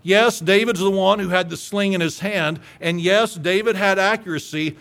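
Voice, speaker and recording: Male preacher, sermon, emphatic storytelling, high voice, reads scripture aloud. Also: moderate pace, a bit bright.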